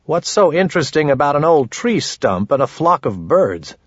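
A man's voice: on the high side, big pitch swings, normal speed, breathy edge, no room sound, lo-fi sound, voice pushed up. A man voicing a quarrelsome little man who scoffs dismissively, in a raised voice.

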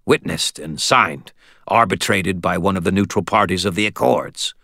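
A man's voice: low-pitched, creaky, sharp tone, no echo, studio quality, heavily acted. Man voicing a coolly formal vampire envoy. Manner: measured, formal, uses the royal we. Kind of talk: audiobook character voice.

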